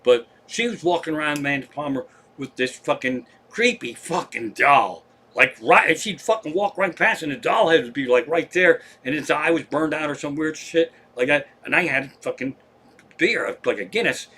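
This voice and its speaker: Guy comedian rambling and cussing on a live stream, bright voice. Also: on the high side, lively intonation, normal speed, slightly rough. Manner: profane, rambling storytelling. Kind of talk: rambling casual stand-up chat.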